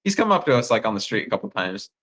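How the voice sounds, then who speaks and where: A young man, a missionary phoning home, telling rambling, excitable stories full of fillers. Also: lowish voice, very fast, poor audio. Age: young adult. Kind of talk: casual phone chat with family.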